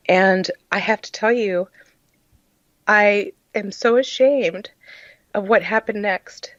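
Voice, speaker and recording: A woman's voice: mid-range voice, measured pace, no room sound, muffled recording. A woman guest on a podcast, earnestly telling her personal story in an emotional way, with frequent "uh" fillers. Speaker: podcast guest, charity founder.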